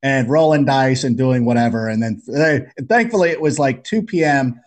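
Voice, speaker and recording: A man chatting as a podcast guest, telling jokey stories in an animated way. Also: medium pitch, normal speed. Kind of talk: casual storytelling chat.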